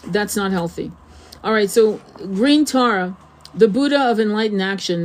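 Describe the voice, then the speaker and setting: A woman's voice: mid-range voice, lively intonation, normal speed. A middle-aged woman giving casual spiritual advice as a tarot reader, blunt and swearing freely, often checking in with "okay?".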